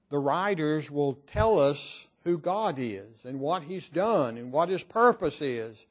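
A man preaching a sermon in an earnest, emphatic, measured way. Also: high-pitched, a little mellow.

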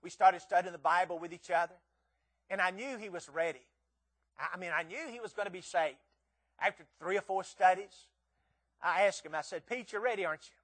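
High-voiced emphatic male preacher. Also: fairly quick, a bit bright. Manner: emphatic, rising and falling with quoted voices. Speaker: visiting preacher. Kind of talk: revival sermon with storytelling.

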